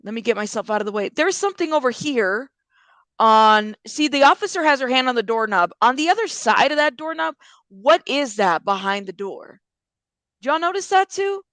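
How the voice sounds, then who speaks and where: A woman gives chatty reaction commentary on a true crime video and talks straight to her viewers. Her voice sits a little high. The sound is dry and close to the mic. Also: expressive, moderate pace, fairly bright tone, no echo. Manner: chatty, addresses viewers directly.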